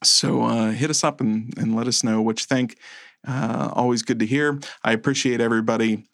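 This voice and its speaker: A man co-hosting a casual podcast chat, animated and playfully over the top, making mock threats for laughs. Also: mid-range voice, moderate pace, vocal fry, no echo, studio quality. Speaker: podcast co-host.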